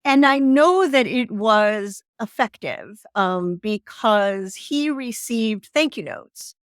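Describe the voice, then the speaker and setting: A woman's voice: fairly high pitch, lively intonation, no room sound, clean studio sound. Earnest middle-aged woman, podcast guest. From Northern United States. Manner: earnest, measured, pauses with fillers. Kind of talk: podcast interview, reading aloud and reflecting.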